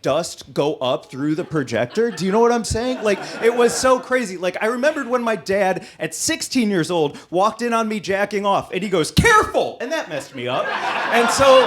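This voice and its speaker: A man doing a stand-up set, telling a story in an animated way that gets louder and higher at the punchlines. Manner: animated storytelling, rising loud and high at punchlines. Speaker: stand-up comedian. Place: comedy club stage with live audience.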